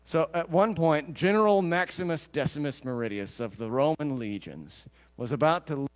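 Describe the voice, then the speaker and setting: A man's voice: a little high, animated, normal speed, clear, resonant tone, big-room sound. A male pastor preaching a sermon in a conversational way, with joking asides and questions to the congregation.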